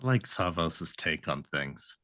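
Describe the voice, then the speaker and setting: Player, male, lively up-and-down voice, playful jokes, dry close sound. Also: rumbling low, unhurried, no room sound. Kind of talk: casual tabletop play.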